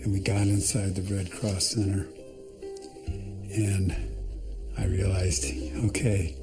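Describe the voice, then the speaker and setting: A man's voice: low-pitched, little pitch movement, slow, music in the background. A man giving documentary testimony, telling his survival story in a plain-spoken way with restarts.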